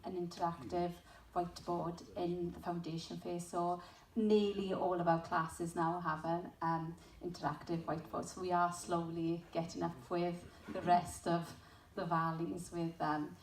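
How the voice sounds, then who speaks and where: A woman reporting for a school at a community event, hesitant with many pauses and ums. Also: fairly low pitch. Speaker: school representative. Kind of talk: short speech at a community event. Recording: echoey hall from far off, faint noise.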